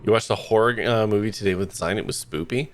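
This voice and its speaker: Deep-voiced man chatting while gaming. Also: fast talker, soft background music. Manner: rambling, chatty, many fillers. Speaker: streamer. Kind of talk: casual let's-play commentary.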